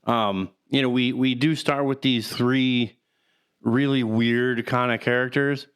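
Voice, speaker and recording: A man co-hosting a podcast, talking casually about a film in a rambling, halting way and laughing now and then. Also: medium pitch, steady tone, fairly bright tone, smooth. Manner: rambling, halting, laughs through sad moments. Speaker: podcast co-host.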